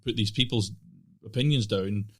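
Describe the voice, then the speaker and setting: A man's voice: on the low side, moderate pace, breathy edge. A man hosting a podcast interview, talking casually and often stopping and restarting his sentences. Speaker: podcast host.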